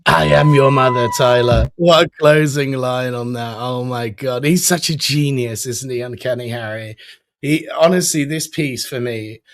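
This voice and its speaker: An excitable man hosts a live online show with loose, gushing chat full of "you know" and "mate". His voice is medium in pitch and sounds close and dry, with no room echo. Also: a little slow. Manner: enthusiastic, chatty, lots of fillers. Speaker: host.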